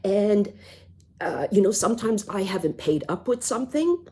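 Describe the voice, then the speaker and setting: A middle-aged woman telling a personal story in a vlog, halting and sighing, often restarting her words. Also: medium pitch, sing-song, dark tone, slightly rough. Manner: halting, repeats words, sighs. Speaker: vlogger.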